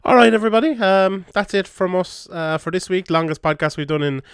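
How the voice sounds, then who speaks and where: A man hosting a podcast in casual sports chat, reading listener questions and answering quickly. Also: sits high, clear, resonant tone, no room sound, clean studio sound. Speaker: podcast host.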